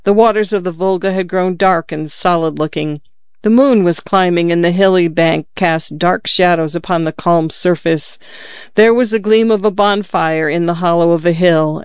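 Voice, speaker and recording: Audiobook narrator, measured storytelling, smooth clear voice, dry slightly dull recording. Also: mid-range voice, no room sound. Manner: measured, descriptive reading.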